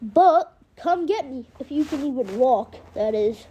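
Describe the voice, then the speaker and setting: A woman voicing a menacing male gang leader with a bat, taunting and sneering in a loud, mocking voice. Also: high voice, lively intonation, unhurried, husky, exaggerated voice.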